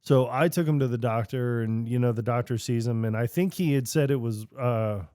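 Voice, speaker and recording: A man co-hosting a podcast, chatting casually and doubling down with stubborn, deadpan insistence. His voice sits at a middling pitch, recorded dry and close with no room sound. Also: normal speed, clean tone, no echo. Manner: stubborn, deadpan storytelling with swearing. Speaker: podcast co-host. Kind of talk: casual chat.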